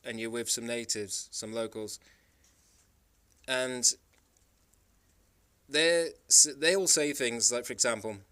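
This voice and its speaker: Smooth-voiced man from the Isle of Man. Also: mid-range voice, takes it slowly, pauses often, pushed and bright. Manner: rambling, emphatic storytelling with frequent restarts. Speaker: travel vlogger. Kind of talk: casual monologue.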